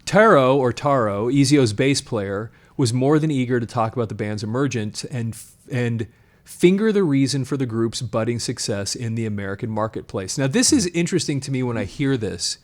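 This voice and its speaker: A man co-hosting a podcast in casual chat, reading an old article aloud and stopping to comment in animated asides. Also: mid-range voice. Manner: reads quotes then breaks off to comment, animated asides. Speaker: podcast co-host.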